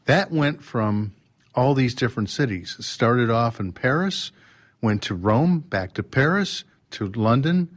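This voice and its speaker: Animated man telling a story. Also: mid-range voice, unhurried. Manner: animated, acts out quotes and sounds, many restarts. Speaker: guest. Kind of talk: storytelling in a podcast interview. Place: drum showroom.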